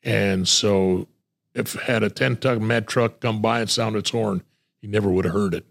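Gravelly older man telling blunt stories. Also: lowish voice, steady tone, moderate pace. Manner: blunt, profane, acts out quoted voices. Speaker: retired homicide detective, guest. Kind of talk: storytelling in a podcast interview.

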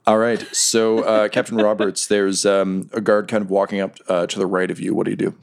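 A man's voice: on the low side, flat delivery, brisk, creaky. Game master narrator, man, casual delivery. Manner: loose, filler-heavy narration.

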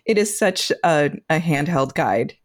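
A woman's voice: low-pitched, animated, measured pace. A woman interviewing a guest, appreciative and full of compliments. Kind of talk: interview conversation.

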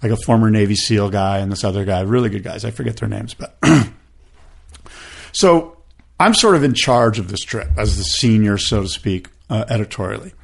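A man's voice: fairly low pitch, moderate pace, vocal fry. A man in his fifties hosting a podcast, telling a story in casual chat and acting out what people said. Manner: animated, acts out quoted voices, many fillers. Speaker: podcast host.

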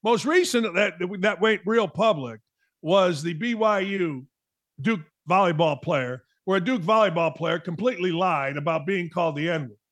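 Blunt high-voiced sports talk host. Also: male voice, normal speed, a bit bright. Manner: blunt, emphatic, mocking, says "blah, blah". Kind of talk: opinionated sports talk monologue.

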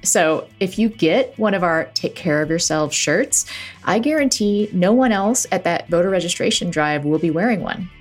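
A woman hosts a podcast, asking her guest questions and then reading the show's outro. Her delivery is upbeat and lightly joking, and faint music plays quietly behind her. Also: on the low side, expressive, moderate pace. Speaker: podcast host.

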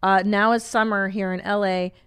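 A woman's voice: medium pitch, little pitch movement, moderate pace, a bit bright, clean tone. A middle-aged woman hosting a podcast, giving blunt, profane parenting advice in a casual chat. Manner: blunt, brash, swears freely. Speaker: podcast host.

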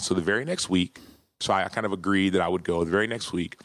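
Male podcast guest, 30s, deep voice, earnest and heartfelt, dry close sound. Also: quick pace, a bit bright, no room sound. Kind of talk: casual interview storytelling.

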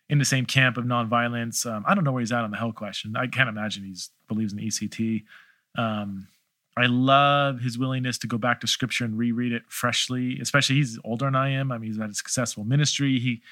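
Answering listeners' theological questions on his casual podcast, a middle-aged man speaks in a bright, forceful voice of medium pitch. He's thoughtful yet hesitant, frequently starting over, and the audio has no echo.

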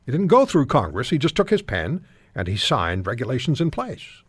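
A man's voice: medium pitch, wildly swooping pitch, moderate pace, breathy edge, dry recording. A man hosting a talk radio show, interviewing guests and giving emphatic commentary with frequent restarts.

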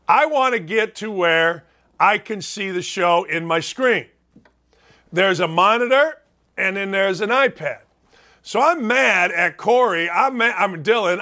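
A middle-aged man hosting a sports talk show, ranting in a loud, animated, self-mocking way and acting out his own quotes. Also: high-pitched. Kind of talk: casual sports talk monologue.

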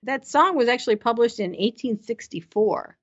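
A woman's voice: a little high, animated, normal speed, slightly rough. A woman co-hosting a podcast, chatting enthusiastically and laughing often. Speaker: podcast co-host. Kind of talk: casual recap chat. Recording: slightly dull lo-fi sound.

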